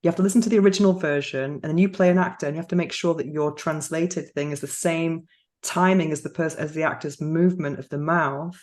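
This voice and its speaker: A woman's voice: low-pitched, fairly even intonation, fast, a little mellow. A woman hosting a podcast, chatting casually, laughing often and restarting her sentences. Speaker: podcast host. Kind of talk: casual interview chat.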